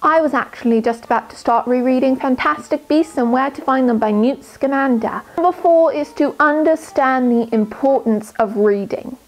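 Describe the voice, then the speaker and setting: A woman's voice: high-pitched, normal speed, faint music behind, natural voice, rough recording. A woman voicing an earnest, studious teenage girl witch in a put-on British accent, giving precise, lecturing advice. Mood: prim, earnest.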